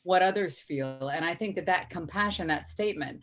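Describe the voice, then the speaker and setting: Low-voiced woman hosting a live stream. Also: expressive, fast talker, few pauses, a little hiss or hum. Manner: earnest, chatty, reads viewer comments aloud. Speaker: host.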